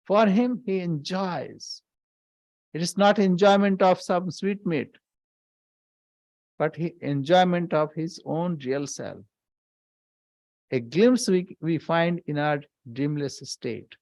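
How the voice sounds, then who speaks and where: A man, a swami, giving a scripture class, speaking deliberately, repeating key phrases for emphasis and chanting verses. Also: a little high, darkish tone, no echo.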